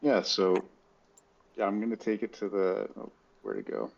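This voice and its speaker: A man's voice: on the low side, big pitch swings, moderate pace, creaky, dull audio. A man playing a tabletop role-play game over voice chat, explaining his moves in a hesitant way with many fillers. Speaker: player.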